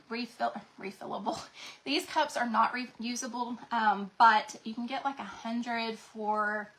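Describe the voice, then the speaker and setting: Bright, breathless crafting host. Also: female voice, a little high. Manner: chatty, greets viewers by name. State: congested, out of breath. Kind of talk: casual livestream chat.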